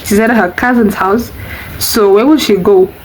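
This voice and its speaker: A woman, telling a storytime vlog in an animated, chatty way. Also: mid-range voice, moderate pace, background noise. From Namibia. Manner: animated, chatty, exclamatory asides. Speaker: vlogger.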